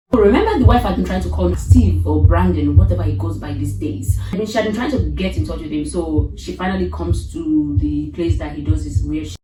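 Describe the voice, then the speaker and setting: A young woman retelling a thriller movie in a casual, animated rant, exclaiming, swearing and talking back at the characters. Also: lowish voice, fairly quick, few pauses. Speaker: movie reviewer. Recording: echoey room, from far off, music behind.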